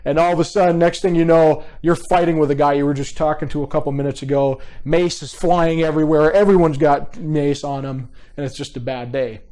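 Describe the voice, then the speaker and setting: A man in his thirties teaching a live online class through a computer mic, his voice pitched a little above the usual for a man. He talks casually and directly and keeps checking in with his students. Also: steady tone, a little fast, few pauses, warm tone. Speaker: behavior profiling instructor.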